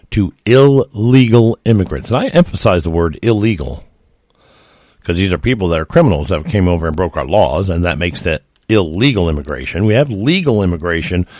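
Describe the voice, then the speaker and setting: Man, deep voice, folksy opinionated podcast commentator, emphatic, dry recording. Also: darkish tone, no room sound. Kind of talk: opinionated solo monologue.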